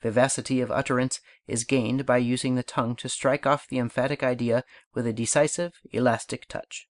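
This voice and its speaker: A man narrates an audiobook in a mid-range voice, reciting poems and speaking lessons at a measured, deliberate pace. The recording is close and dry, with no room sound around him. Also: mid-range voice, flat delivery, dry recording. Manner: measured, unhurried recitation of verse and instruction. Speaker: audiobook reader.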